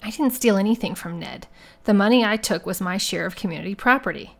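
A woman's voice: mid-range voice, a little fast, gravelly, lightly acted. A woman voicing Kay, a tired, defensive woman in her forties, in an audiobook reading.

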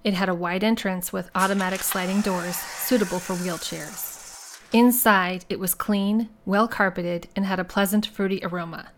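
A woman reading a first-person mystery story aloud in a steady, measured way. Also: medium pitch, slight background noise. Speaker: audiobook narrator. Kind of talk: scripted first-person narration.

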